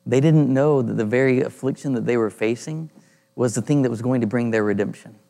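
A man with a medium-pitched, gravelly, warm voice runs an informal Bible study, explaining scripture as he reads and stopping to hunt for passages while he thinks out loud. The room adds a long reverb.

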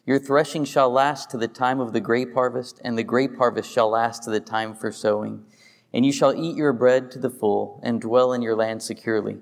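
A man preaching a sermon in a relaxed, easygoing way, pausing to chuckle when he trips over a word. His middle-pitched voice carries a long reverb, as though recorded in a hall. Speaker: pastor. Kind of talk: sermon with scripture reading.

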